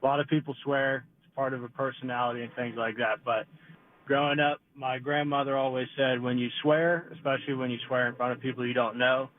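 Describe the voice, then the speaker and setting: A man calling in to a radio show, explaining his advice in a measured way. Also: medium pitch, steady tone. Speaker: caller. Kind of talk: phone-in advice. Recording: tinny phone line.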